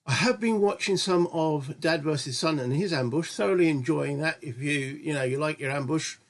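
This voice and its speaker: Speaking at a fairly high pitch and moderate pace, a man hosts his own gaming channel. He rambles through a solo board game session in casual let's-play commentary, often correcting himself.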